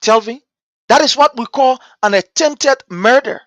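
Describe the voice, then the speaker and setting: A man's voice: very high voice, a little slow, a bit bright, dry recording. A man from Liberia with a Liberian English accent, hosting a political talk show and giving impassioned commentary full of rhetorical questions and repeated points. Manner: rhetorical, repeats points, asks "guess what".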